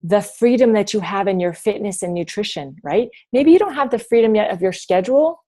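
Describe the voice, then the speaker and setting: A woman's voice: medium pitch, lively intonation, a little fast, mellow. A woman coaching her team over a video call from home, chatty and rambling with many restarts. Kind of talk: motivational team talk.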